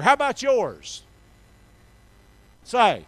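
A man preaching a folksy sermon, calling for responses and swinging from soft talk to shouting. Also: sits high, lively intonation, moderate pace, low-quality recording. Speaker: pastor. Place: church sanctuary.

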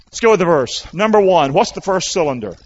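Animated high-voiced preacher. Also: male voice, brisk, husky. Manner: call-and-response preaching, coaxing the congregation to repeat. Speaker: pastor. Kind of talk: sermon. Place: church sanctuary. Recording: dull lo-fi sound.

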